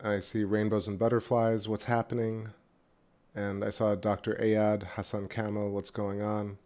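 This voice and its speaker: A man's voice: lowish voice, completely flat delivery, a little slow, darkish tone. A man hosting a casual livestream, rambling and chatty, talking while eating. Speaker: livestream host. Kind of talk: casual live-stream chat. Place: back porch at home, outdoors.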